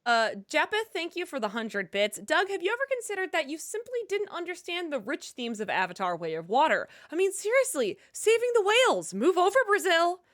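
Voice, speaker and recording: A woman's voice: very high-pitched, sing-song, fairly quick, few pauses, a bit bright. A woman co-hosting a live stream, reading viewer messages aloud in an upbeat way. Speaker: co-host reading chat messages.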